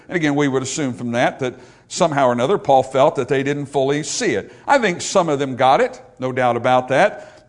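A man preaching a sermon, earnest and emphatic, building his points through repeated phrases. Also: a little high. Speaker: pastor.

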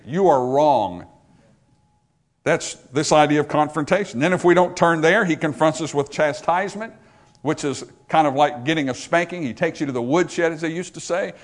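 Emphatic preaching man. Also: fairly high pitch. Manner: emphatic preaching, rising and dropping for effect. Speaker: pastor. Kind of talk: sermon.

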